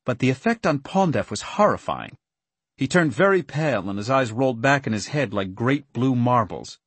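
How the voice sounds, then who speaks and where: A man narrating a story in the first person with an earnest, steady storytelling manner. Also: mid-range voice, breathy edge, no room sound. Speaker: audiobook narrator.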